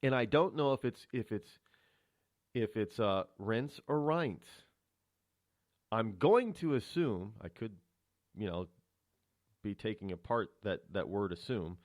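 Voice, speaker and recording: A man hosting a radio talk show, rambling through a solo monologue of political commentary with many restarts. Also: a little slow. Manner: rambling, restarts often, animated pitch swings. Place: radio studio.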